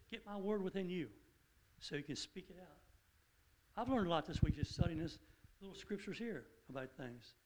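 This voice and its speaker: An earnest man teaches from the Bible in a relaxed, conversational way. His voice sits a little high, and he drives his points home by repeating them with growing emphasis. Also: poor audio.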